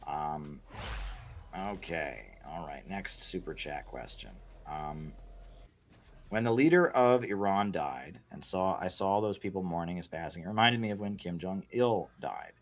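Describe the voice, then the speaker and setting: In a casual livestream chat, a man works through viewer questions, rambling with many restarts and frequent "right?" and "you know" asides. His voice is deep and animated, and he takes his time.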